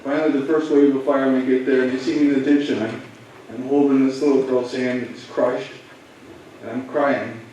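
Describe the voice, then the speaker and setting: A man, a police officer, telling students a personal story in a halting, emotional way. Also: medium pitch, little pitch movement, warm tone, dull audio, a little hiss or hum. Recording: echoey room, voice from far off.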